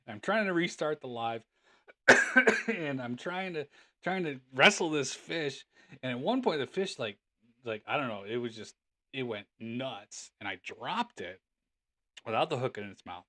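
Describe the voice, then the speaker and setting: A man's voice: mid-range voice, measured pace, sharp tone. A man hosting a livestream, rambling casually with lots of fillers and laughter as he tells stories. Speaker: livestream host.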